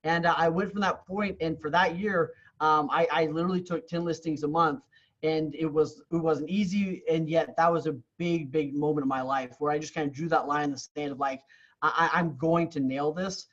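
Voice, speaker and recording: A man's voice: a little high, fairly even intonation, moderate pace, lo-fi sound. A man who grew up in Canada, telling his story as a podcast guest in an earnest, candid way, often repeating words as he restarts. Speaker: real estate coach, podcast guest.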